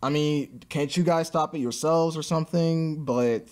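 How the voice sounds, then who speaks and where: A man's voice: on the high side, measured pace, a little mellow. Sarcastic man reviewing a cartoon. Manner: exasperated, mocking rants.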